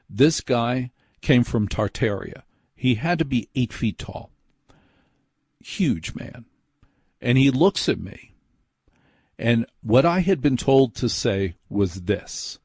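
A man's voice: medium pitch, animated, slow pace, a little mellow, breathy edge, no room sound. A man hosting a late-night radio show, telling a story in a chatty, self-deprecating, rambling way from a studio mic.

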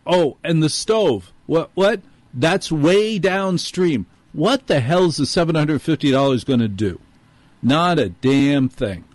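Sarcastic gruff male show host. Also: on the high side, expressive, slow, darkish tone, no echo. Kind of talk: sardonic monologue.

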